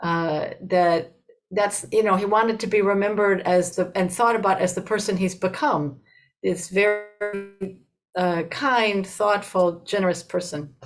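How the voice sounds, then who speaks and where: A woman's voice: medium pitch, steady tone, soft background music, rough recording. Older woman telling a dharma story. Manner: unhurried, conversational, frequent "you know" and restarts. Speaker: Buddhist dharma teacher.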